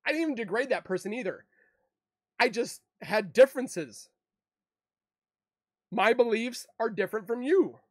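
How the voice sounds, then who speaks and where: A man's voice: high voice, no room sound, clean studio sound. A man in an emotional, defensive monologue to camera, rambling and repeating himself as a true crime YouTuber. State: emotional, upset.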